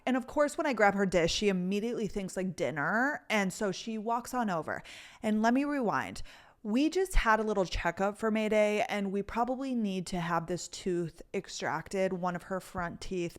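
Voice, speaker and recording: Chatty young woman telling stories. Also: mid-range voice. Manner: chatty, animated, filler-heavy with frequent "like" and "you guys". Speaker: podcast host. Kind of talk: casual storytelling chat.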